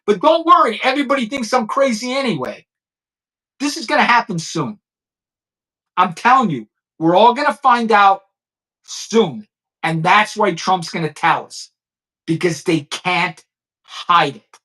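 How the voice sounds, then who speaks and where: A man's voice: sits high, lively intonation, unhurried, pauses often, bright, forceful tone. A man, a former police chief, ranting blunt and profane commentary straight to his viewers.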